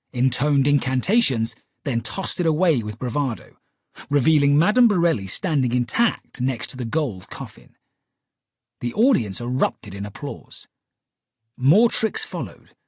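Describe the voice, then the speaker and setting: Casting: male audiobook narrator, animated delivery, slightly husky, dry booth sound. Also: medium pitch, dry recording. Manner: lively, expressive storytelling. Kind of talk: scripted first-person narration.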